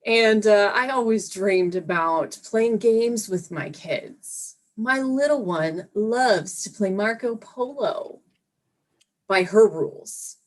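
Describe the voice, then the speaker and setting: A woman doing a stand-up set with a slow deadpan delivery, voicing her young daughter in between. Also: medium pitch. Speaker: stand-up comedian.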